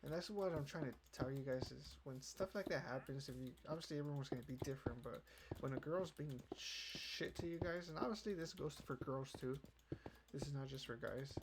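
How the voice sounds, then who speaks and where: Speaking fairly quickly at medium pitch, a young male host rambles and swears on his casual podcast. Nearly every line gets a "you know," and keyboard clicks and noise can be heard behind him.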